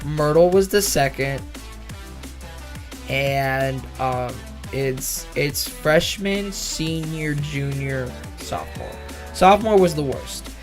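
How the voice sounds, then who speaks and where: Young guy rambling thru a story, kinda high voice, faint music behind, keeps correcting himself. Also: slow. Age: young adult. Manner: rambling, self-correcting, frequent swearing. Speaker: vlogger.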